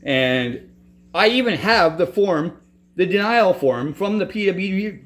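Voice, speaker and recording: A man with a noticeably high voice rants in frustration. He swears constantly and keeps breaking off and restarting his sentences as he tells his own story. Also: expressive, unhurried, fairly bright tone. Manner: profane, frustrated, restarts often. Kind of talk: angry personal rant.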